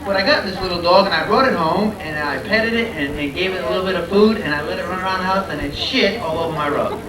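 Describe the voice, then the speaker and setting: A man from Rhode Island doing a loud, punchy stand-up comedy set on a club stage, working the crowd. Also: high-pitched, fast talker. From Providence, Rhode Island. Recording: echoey club from a far camera, loud crowd.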